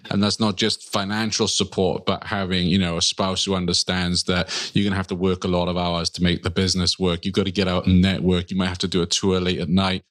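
A man's voice: low voice, level tone, fairly quick, few pauses, a bit bright, dry recording, studio quality. A man hosting a podcast, chatty and encouraging as he talks with a guest. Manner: chatty, encouraging, with fillers and laughs. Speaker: podcast host. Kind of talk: casual podcast interview.

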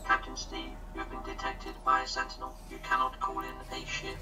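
A man voicing a hushed, secretive advisor in a flat whisper, as whispered role-play. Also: medium pitch, normal speed, soft background music, pitched below the performer's own voice. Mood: urgent warning.

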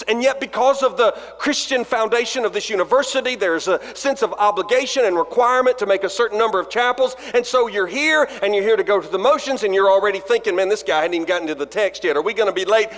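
A man's voice: sits high, fairly bright tone. A man, a pastor telling funny self-deprecating stories in a chapel sermon. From Alabama. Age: 40s. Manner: storytelling, self-deprecating jokes, acts out dialogue. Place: large chapel. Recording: long reverb of a chapel hall.

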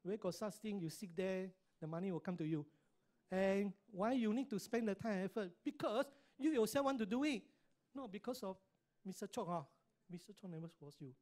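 A man's voice: sits high, brisk, a little mellow. Emphatic Singaporean man addressing a crowd. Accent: Singaporean English. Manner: emphatic, keeps asking the audience "right?" and "correct or not?". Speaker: speaker at a business meeting. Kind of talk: motivational talk to an audience.

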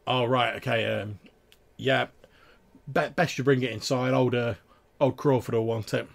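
A man's voice: medium pitch, fairly even intonation, moderate pace, gravelly. A man voicing an easygoing male village gate guard who chats in a casual, friendly way.

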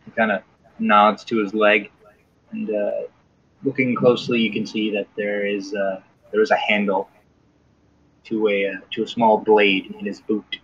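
A man with an Australian accent, narrating a tabletop game as dungeon master in a relaxed way with fillers. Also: on the low side, a little slow, long pauses, slightly rough, muffled recording.

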